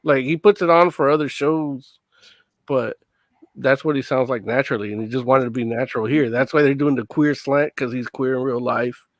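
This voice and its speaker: A man's voice: medium pitch, steady tone, moderate pace, dry recording. A man on a discussion panel, explaining things casually and tagging lines with "you know?". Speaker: podcast panelist.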